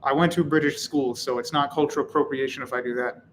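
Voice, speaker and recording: A man's voice: mid-range voice, fairly even intonation, quick pace, a little hiss or hum, poor audio. A man hosting a live stream, reading chat comments and answering in a casual, wry, rambling way. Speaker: channel host.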